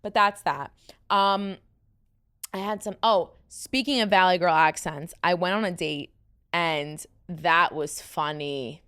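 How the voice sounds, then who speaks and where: A young woman hosting her own podcast in casual, chatty talk. Her voice sits a bit deep, with some vocal fry, and she runs on with fillers and asides. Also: takes it slowly, a bit bright. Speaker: podcast host. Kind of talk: casual chat.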